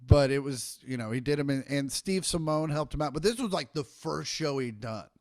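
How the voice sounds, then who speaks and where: A man's voice: medium pitch, brisk, no echo, studio quality. A middle-aged man, a stand-up comic, telling profane stories in casual podcast chat and acting out the quotes. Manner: profane, animated anecdote telling with acted-out quotes.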